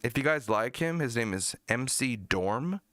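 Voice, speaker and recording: Hosting a live music review stream, an American man sips beer and ridicules a rapper with profane, jumpy commentary, sometimes squeaking up high. His voice is lively and fairly bright at a measured pace, recorded cleanly in a studio with no echo.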